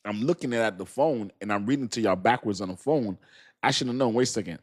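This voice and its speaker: A man with a low voice talks fast while hosting a casual crypto livestream, addressing his viewers directly. His delivery is rambling and slangy, full of laughter and self-mockery.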